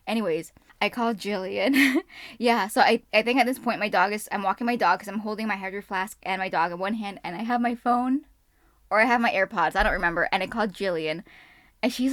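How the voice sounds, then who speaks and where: A young woman chats straight to her camera indoors, spilling a storytime in a jittery, slightly messy rush. Her voice sits at an ordinary pitch, and the sound is close and dry with no room echo. She seems to be working not to sound out of breath. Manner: jittery, fast and a little messy when excited. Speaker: vlogger. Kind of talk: casual storytime. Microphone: camera mic.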